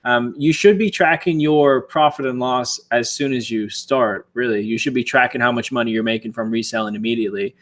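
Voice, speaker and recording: A man's voice: mid-range voice, a little fast, few pauses, a bit bright. Casual young man giving reselling advice. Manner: laid-back, answers viewer questions with advice. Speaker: co-host of a reselling livestream. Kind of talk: casual livestream chat.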